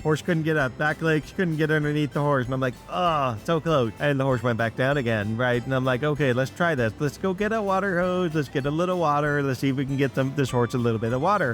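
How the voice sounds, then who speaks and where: A man hosting a train-simulator gameplay video, chatting casually and telling rambling stories straight to his viewers. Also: a little high. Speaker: gaming channel host. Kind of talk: casual gameplay chat and storytelling.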